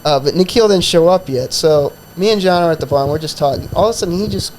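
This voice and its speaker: A man's voice: fairly high pitch, fast talker, a little mellow, a little hiss or hum, rough recording. A man who hosts a comedy podcast, telling a profane, rambling story in a casual chat full of fillers.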